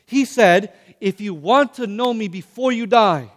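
A young man preaching a sermon, animated and calling on his listeners to answer back. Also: sits high, measured pace, hardly any pauses. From Hispanic background. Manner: animated, calls on the audience to respond. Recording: long hall reverb.

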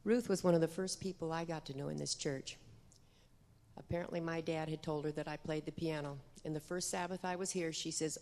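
A woman's voice: low-pitched, fairly even intonation, a little fast, mellow. A woman, a church member, sharing a short humorous memory at a memorial service in a church. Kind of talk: spoken tribute at a memorial. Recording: long church reverb.

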